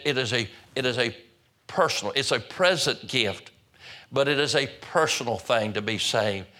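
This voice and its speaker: A man's voice: mid-range voice, sharp tone. An older man preaching a sermon in a folksy way, often repeating words and restarting phrases.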